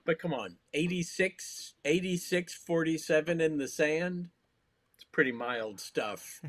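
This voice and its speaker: A man's voice: a little high, animated, unhurried, no room sound. A man guesting on a casual comedy chat, making wry, dry jokes.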